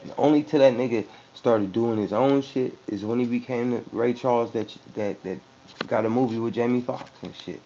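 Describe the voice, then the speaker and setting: A man's voice: medium pitch, moderate pace, dark tone. A man who raps, talking loosely and profanely in a casual interview, with frequent restarts. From San Francisco Bay Area. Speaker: rapper. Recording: muffled lo-fi recording with faint hum.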